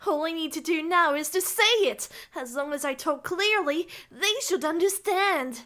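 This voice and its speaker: A woman's voice: sits high, normal speed, a bit bright. A woman reading aloud the lines of a nervous, eager young male exchange student in a game, stumbling a little over the words. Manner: reads narration and lines aloud, stumbling and giggling over them.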